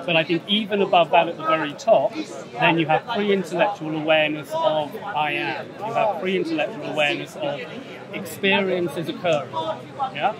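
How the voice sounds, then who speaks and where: Man, middle-aged, fairly high voice, street debate, loud crowd noise behind. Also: moderate pace. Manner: explanatory, often adding "yeah?" to check agreement. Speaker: agnostic debater. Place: outdoors in a public urban space. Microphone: handheld microphone held out by a crew member.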